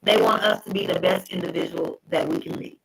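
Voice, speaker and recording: A woman with a lowish, gravelly voice and a breathy edge presents on caregiving during a livestream over a call. Her tone stays steady as she speaks slowly and earnestly, repeating words, offering encouragement.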